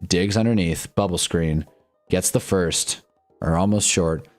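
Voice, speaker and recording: A man's voice: low voice, unhurried, darkish tone. A young man hosting a live fan stream, commenting wryly and with exasperation as a football game plays, drifting into casual chat. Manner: wry, exasperated fan commentary, loose and rambling. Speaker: livestream host reacting to a football game. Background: faint music.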